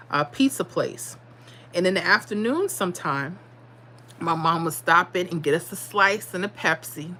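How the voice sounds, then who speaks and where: A woman's voice: on the low side, sharp tone, slight background noise. A woman in her forties from the South Bronx with a New York accent, chatting casually on her livestream, sassy and laughing often. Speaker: livestream host. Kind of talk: casual livestream chat reading comments.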